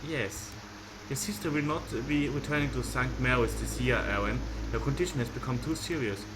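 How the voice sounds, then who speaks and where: A man voicing a stern, disapproving middle-aged mother in a lowered, measured voice. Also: background noise, lightly acted.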